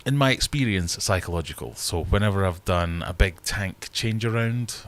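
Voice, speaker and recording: A man's voice: sits low, expressive, moderate pace, fairly bright tone. A man hosting a casual livestream from his fish room, chatting in a rambling, self-deprecating way. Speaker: livestream host and fishkeeper.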